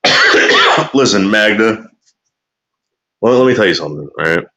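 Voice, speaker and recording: A man with a fairly low voice talks casually to his livestream chat, rambling from one thought to the next. He swears freely and stumbles over the first words of his sentences. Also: expressive, unhurried, very noisy. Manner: profane, rambling, repeats words when starting sentences.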